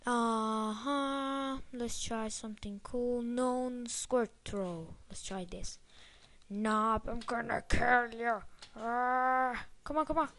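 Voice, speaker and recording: High-voiced excitable young woman gamer. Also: slow. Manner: excitable, swears, talks to the game. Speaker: gameplay commentator. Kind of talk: casual let's-play commentary.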